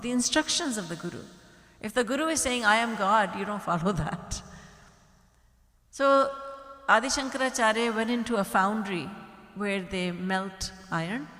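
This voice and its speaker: A woman's voice: medium pitch, a bit bright. A woman gives a spiritual sermon in a large hall, with a long echo trailing after her words. She tells stories and acts out the voices of the people in them, sometimes with a light laugh. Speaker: spiritual teacher. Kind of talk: sermon storytelling. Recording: echoey hall.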